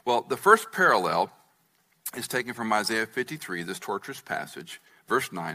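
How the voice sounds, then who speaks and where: Male pastor, expository sermon, bright tone, teaching manner. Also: lowish voice, expressive, moderate pace. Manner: teaching, asks the congregation to follow along.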